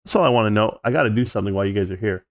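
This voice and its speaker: A man's voice: lowish voice, rapid-fire. A man hosting a live stream, answering chat in a brash, mocking and profane way.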